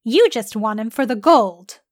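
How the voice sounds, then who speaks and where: A woman's voice: a little high, animated, unhurried, no room sound, studio quality. A woman voicing a boastful, sarcastic female biologist who scoffs at her rival.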